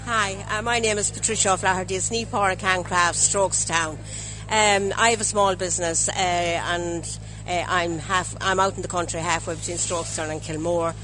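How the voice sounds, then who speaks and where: A woman's voice: lowish voice, fairly even intonation, moderate pace, hardly any pauses, pushed and bright, low-quality recording. An Irish woman who runs a small craft business, introducing her work hesitantly with many fillers. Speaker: basket weaver, craft business owner.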